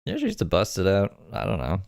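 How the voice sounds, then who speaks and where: A man's voice: sits low, huge pitch swings, fast talker, creaky, darkish tone, clear, resonant tone, dry recording, clean studio sound. A man giving casual, sarcastic and profane reaction commentary.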